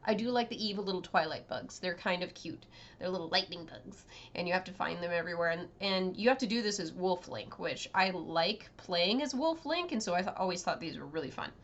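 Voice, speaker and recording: A woman's voice: on the low side, animated, fairly quick, highs cut off. A woman reviewing a video game in a casual, rambling rant, sarcastic and full of fillers.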